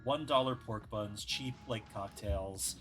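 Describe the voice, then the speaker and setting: Music plays in the background as a New York streamer draws and chats on stream, easygoing and cursing freely into his desktop USB mic. He talks slowly, with a fairly low pitch.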